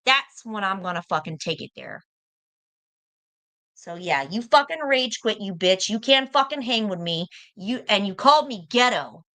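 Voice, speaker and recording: Angry american woman ranting on a stream, bright sharp voice, swears a lot, repeats herself to drive it home. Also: medium pitch, lively intonation, moderate pace. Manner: confrontational, profane, repeats points for emphasis. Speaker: livestream guest. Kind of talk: heated livestream argument.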